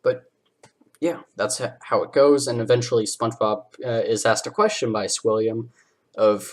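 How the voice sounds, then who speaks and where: A man's voice: on the low side, fairly even intonation, normal speed. A man hosting a podcast, casually recapping a cartoon episode with lots of fillers, now and then jumping into character voices. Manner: rambling, filler-heavy, acts out character lines. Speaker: podcast host.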